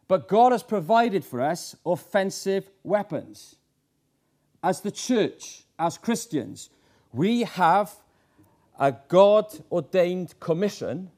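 A man's voice: sits high, darkish tone. A middle-aged man preaching a sermon, earnest, with many fillers and rhetorical questions.

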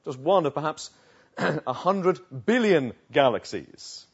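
A man preaching a sermon, swinging between hushed asides and emphatic, rising declarations. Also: on the high side, animated, takes it slowly, vocal fry, breathy edge. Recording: dull lo-fi recording.

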